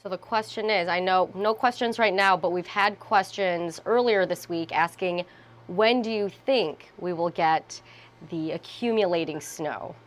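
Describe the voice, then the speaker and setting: A woman's voice: on the low side, measured pace. A woman, a local TV news anchor bantering on air in the studio, playfully glum and conversational.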